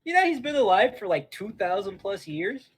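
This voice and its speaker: A man's voice: high-pitched, very animated, moderate pace, breathy edge, poor audio. A man playing his character in a tabletop game, joking and boasting with the game master. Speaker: player. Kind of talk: in-character tabletop role-play.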